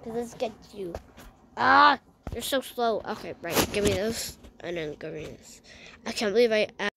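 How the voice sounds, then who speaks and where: Excitable gravelly woman gaming vlogger. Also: medium pitch, normal speed, background noise. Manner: chatty, excitable, talks to herself while playing, often drops to a hushed whisper. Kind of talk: playing a game while narrating to viewers.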